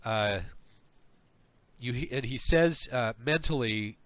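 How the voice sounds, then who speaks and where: Halting male game master, dry sound. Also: mid-range voice, fairly bright tone, no echo. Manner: halting, full of ums and restarts. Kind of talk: narrating a tabletop game.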